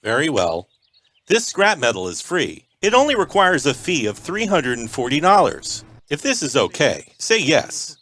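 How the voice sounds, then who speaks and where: Deadpan mock phone-menu prank caller. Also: male voice, fairly high pitch, normal speed, slight background noise.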